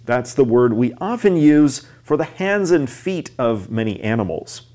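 A man's voice: medium pitch, sing-song, measured pace, warm tone. A man co-hosting an English lesson, explaining words and talking to listeners as friends. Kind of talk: teaching English with a storybook.

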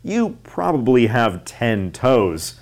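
A man's voice: medium pitch, sing-song, slow, a little mellow. A man co-hosting an English lesson, explaining words and talking to listeners as friends. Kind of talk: teaching English with a storybook.

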